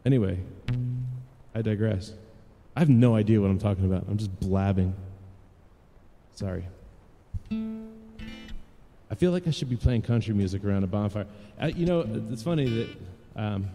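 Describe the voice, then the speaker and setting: A man's voice: fairly low pitch, animated, moderate pace, long pauses, mellow, big-room sound. A man chatting casually and rambling to live viewers from his home music studio. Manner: rambling, chatty, self-deprecating.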